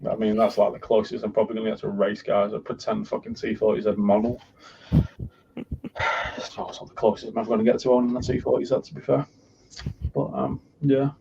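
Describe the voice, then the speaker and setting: A man's voice: lowish voice, level tone, fast talker, creaky. A man co-hosting a casual motorsport chat show, rambling, tired and jokey, with plenty of swearing. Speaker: podcast co-host. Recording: muffled lo-fi sound with noise.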